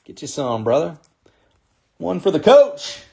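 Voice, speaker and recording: A man's voice: a little high, very animated, a little slow, vocal fry, mellow, slightly rough. A man hosting a live sports card break, upbeat as he calls out players and teams while opening packs.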